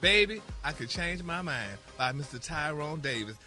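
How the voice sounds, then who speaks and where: A man's voice: fairly high pitch, expressive, normal speed, sharp tone, faint music behind. A man delivering a celebrity gossip segment on morning radio, flamboyant and peppering his talk with "honey" and "y'all.". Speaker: celebrity news correspondent.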